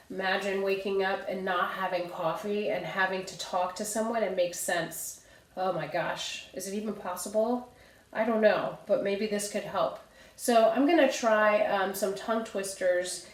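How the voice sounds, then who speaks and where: A young woman coaching a vocal warm-up in a chatty, self-amused way, with breathy sighs and crisp tongue twisters. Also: mid-range voice. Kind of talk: casual vocal warm-up lesson. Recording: roomy echo.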